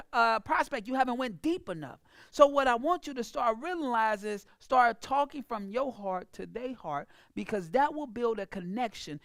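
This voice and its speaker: A woman's voice: a little high, dry recording, clean studio sound. A woman business coach giving an emphatic, preachy motivational talk about sales, speaking. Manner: emphatic, preachy, acts out clients in a mocking voice.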